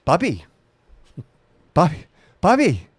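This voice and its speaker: A man putting on a high, loud voice to imitate his eighty-year-old mother scolding him about her trash. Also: huge pitch swings, slow pace, slightly rough, no room sound, clean studio sound, exaggerated voice.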